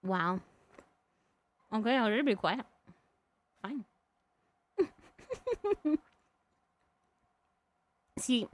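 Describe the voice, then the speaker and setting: A woman's voice: medium pitch, big pitch swings, extremely slow, pauses often. A woman streamer chatting casually and rambling, laughing often and snacking as she talks. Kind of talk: casual live-stream chat.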